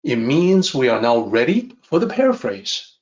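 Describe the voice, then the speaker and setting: A man teaching a lesson on a classic text, calmly repeating and rephrasing each idea. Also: medium pitch, highs cut off. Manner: measured, repeats and rephrases ideas. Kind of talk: calm explanatory lesson.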